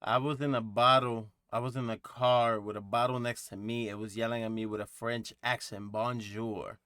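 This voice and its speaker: A man's voice: mid-range voice, flat delivery, moderate pace, bright, forceful tone, a little hiss or hum. A man hosting a music reaction video, thinking aloud in a rambling, casual way with lots of fillers and asides.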